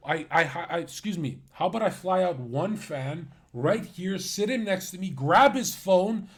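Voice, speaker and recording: A man's voice: sits high, animated, a little slow, few pauses. A man streaming live, ranting at his chat in a brash, mocking way, swearing and laughing at his own jokes. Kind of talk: livestream rant.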